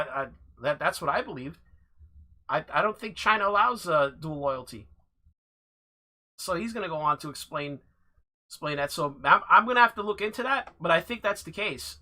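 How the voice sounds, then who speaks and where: A man giving casual commentary over clips, halting and restarting with dry laughs. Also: sits high, animated, pushed and bright.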